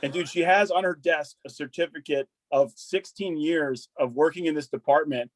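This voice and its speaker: Laid-back profane army veteran telling stories. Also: male voice, a little high, normal speed, no room sound, low-quality recording. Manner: loose and profane, full of "dude" and "like", restarts a lot. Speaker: podcast guest, army veteran. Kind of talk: casual conversational storytelling.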